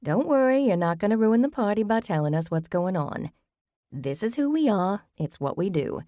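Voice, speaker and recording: A woman's voice: mid-range voice, sing-song, normal speed, dark tone, no echo, clean studio sound, pitched above the performer's own voice, close to an everyday voice. A woman voicing a pregnant young woman who reassures and teases her friends in an audiobook.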